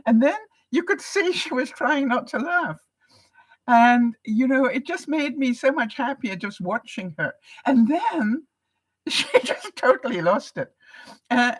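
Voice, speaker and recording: A woman's voice: on the high side, sing-song, moderate pace, fairly bright tone, rough recording. An older woman from Canada, hosting a live vlog broadcast and chatting casually with viewers, laughing often. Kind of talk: casual advice chat to viewers.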